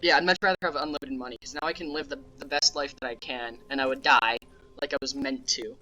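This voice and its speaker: Bright-voiced young man rambling over gameplay. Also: mid-range voice, fairly even intonation, fast talker, low-quality recording. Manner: rambling, offhand, with sudden yelled outbursts at the game. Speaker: gaming YouTuber. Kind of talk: casual gameplay commentary.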